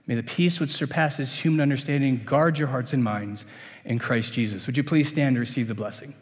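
A pastor giving a conversational sermon with laughs and asides, then leading a prayer and blessing in a church. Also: male voice, a little high. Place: church sanctuary. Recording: long reverb of a church hall.

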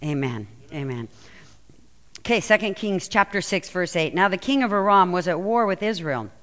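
A woman pastor preaching a sermon and reading scripture aloud, telling the story with lively, acted-out quotes. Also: on the low side, moderate pace. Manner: animated storytelling, acts out quoted lines.

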